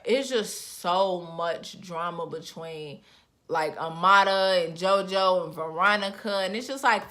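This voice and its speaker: A young woman talks straight to her viewers in loose, chatty commentary. Her voice has a bright, sharp edge and leaps higher whenever she gets worked up. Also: unhurried. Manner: chatty, expressive, with sudden pitch jumps. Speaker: reality TV reviewer. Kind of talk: casual chat.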